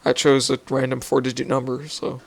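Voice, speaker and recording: A man's voice: medium pitch, completely flat delivery, fairly quick, gravelly, no echo. A young man hosting a casual interview, joking crudely and filling gaps with ums and uhs. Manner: crude joking banter, filler-heavy. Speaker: podcast host.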